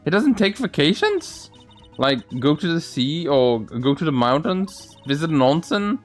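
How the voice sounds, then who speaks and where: Man reading an excitable young woman. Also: a little high, unhurried, faint music behind. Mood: eager.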